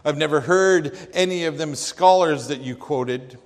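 A man's voice: on the high side, a little slow, big-room sound, natural voice. A man putting on a blunt old country preacher. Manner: folksy, plain grammar, loud and emphatic.

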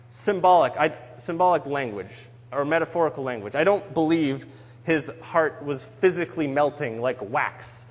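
A man's voice: on the high side, husky. A man giving a sermon on a psalm in an earnest, conversational way. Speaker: preacher. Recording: long hall reverb.

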